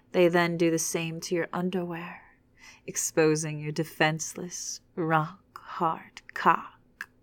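A woman narrating a second-person story in a hushed, unhurried, often whispered reading. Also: sits low, no echo.

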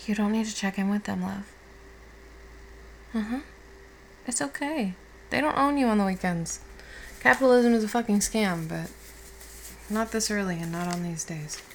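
Casting: woman as a just-woken girlfriend, soothing and affectionate, slight vocal fry, mid pitch, audio role-play. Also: normal speed, long pauses, a little hiss or hum, natural voice, poor audio. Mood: tender. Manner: soft, tender and reassuring, with casual swearing. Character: affectionate young woman, the listener's caring girlfriend.

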